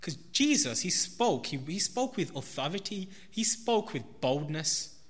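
A man preaching a sermon in a slow, emphatic way, stressing repeated words. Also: fairly high pitch, very animated. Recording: long reverb of a large hall.

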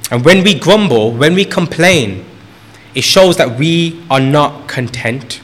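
A man's voice: fairly high pitch, animated, slow, a bit bright. A man preaching a sermon in an earnest way, repeating phrases for emphasis and lifting his voice on key points.

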